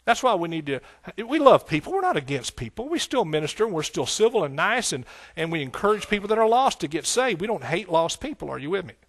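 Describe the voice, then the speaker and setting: A man's voice: high voice, sing-song, quick pace, hardly any pauses, no echo. Folksy preaching man, dry close sound. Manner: folksy, rising to emphatic preaching with scripture quotes. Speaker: pastor. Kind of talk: sermon. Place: church sanctuary.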